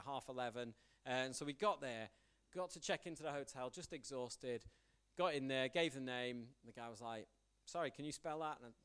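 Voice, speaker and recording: A young man preaching in a relaxed, chatty way. His voice sits at a medium pitch, and he tells personal stories, acting out every exchange with a self-deprecating humour. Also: smooth. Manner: storytelling, animated, acts out quoted dialogue, self-deprecating. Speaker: youth pastor preaching. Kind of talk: conversational sermon with anecdotes.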